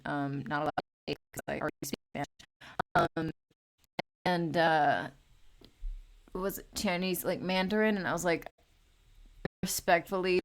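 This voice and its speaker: Woman in her late 20s, art streamer, rambling casual chat, swears a lot, slightly low voice. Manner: chatty, rambling, swears freely. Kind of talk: casual chat while drawing.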